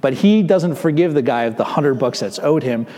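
A fairly high-voiced man preaches a sermon to his congregation. He keeps it conversational and checks in with asides to the people. His voice rings out with the long reverb of a large church sanctuary. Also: animated, moderate pace, dark tone. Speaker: pastor.

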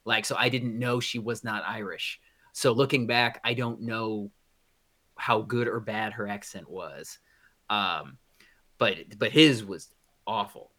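Bright-voiced rambling man. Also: fairly low pitch, takes it slowly. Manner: rambling, many restarts and fillers. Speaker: podcast co-host. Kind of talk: casual chat.

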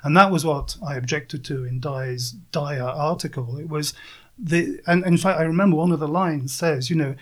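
A man's voice: a little high, moderate pace, fairly bright tone. A man speaking as a guest in a casual political chat, emphatic and argumentative.

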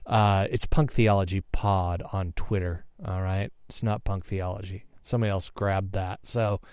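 Podcast host, male, gravelly and dry, punchy and profane, casual ramble. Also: medium pitch, no echo. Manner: punchy, swearing, rambling with laughs.

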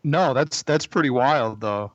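Halting man, dull dry recording. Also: medium pitch, no room sound. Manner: halting, stumbles over words. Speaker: co-host. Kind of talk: casual chat.

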